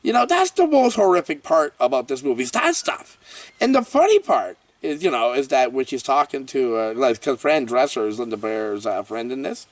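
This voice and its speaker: A man hosting a casual horror movie review vlog, talking in an excitable, rambling way full of exclamations and fillers. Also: mid-range voice, moderate pace, no room sound, recorded from a distance.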